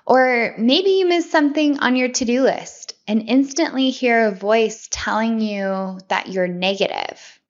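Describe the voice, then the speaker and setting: A woman with a slightly high voice talks through a self-help topic in a relaxed podcast monologue. She speaks in a loose, conversational way, doubling words and restarting sentences as she goes. The recording sounds a little dull and lo-fi. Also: a little slow, few pauses.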